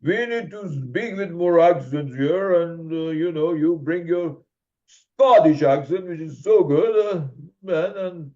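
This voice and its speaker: A man's voice: on the high side, takes it slowly, a little mellow. A man with a French accent hosting a casual conversational podcast, speaking earnestly and reflectively, turning playful as he wraps up. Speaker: host. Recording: muffled lo-fi audio.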